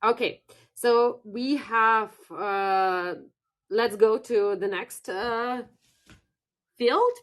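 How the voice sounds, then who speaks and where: A woman's voice: a little high, extremely slow, long pauses. Russian-accented woman teaching on a live stream. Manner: chatty, reads and answers live chat. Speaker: online Russian language teacher. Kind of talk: live-stream language lesson.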